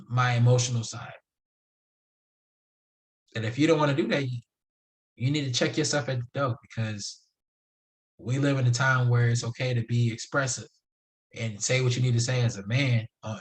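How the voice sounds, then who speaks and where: A young man hosting a solo podcast, talking casually in a slangy, emphatic, preachy way. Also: medium pitch. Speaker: podcast host.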